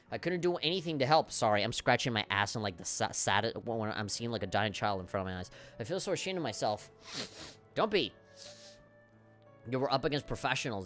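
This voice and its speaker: A man streaming a game live, reacting in an excitable, profane way and reading the on-screen dialogue aloud. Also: mid-range voice. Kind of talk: casual live gameplay commentary.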